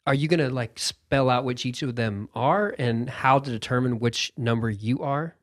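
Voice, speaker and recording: A man guesting on a podcast who steers the talk with curious, probing questions. His voice sits at an ordinary mid pitch. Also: normal speed, dry recording, studio quality. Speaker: guest interviewer. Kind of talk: podcast interview.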